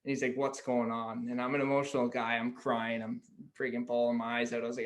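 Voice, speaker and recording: Flat-voiced young man telling stories. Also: medium pitch, fast talker. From Canada. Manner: candid storyteller, peppered with "like". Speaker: guest, pro lacrosse player. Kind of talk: casual podcast chat.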